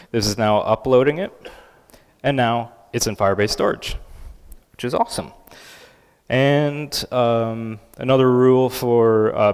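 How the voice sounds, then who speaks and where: A man giving a live conference talk and software demo, casual and upbeat with many filler words. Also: fairly low pitch, clean tone. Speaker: conference speaker. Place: large conference hall. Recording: reverberant conference hall.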